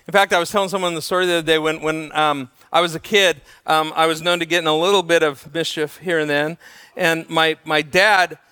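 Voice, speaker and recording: A male pastor preaching a sermon, telling stories in an animated way and acting out the voices of the people he quotes. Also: a little high, fairly quick, clear, resonant tone, big-room sound.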